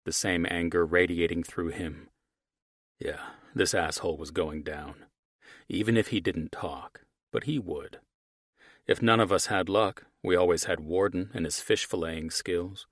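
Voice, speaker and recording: A very deep-voiced man narrates an audiobook in the first person, gruff and steady. His voice is recorded close up on a dry studio mic. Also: normal speed, no room sound. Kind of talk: scripted narration.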